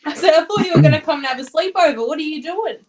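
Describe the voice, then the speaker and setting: A woman's voice: high-pitched, very fast, distant mic. A woman in casual chat, chatty and teasing. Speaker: voice chat member.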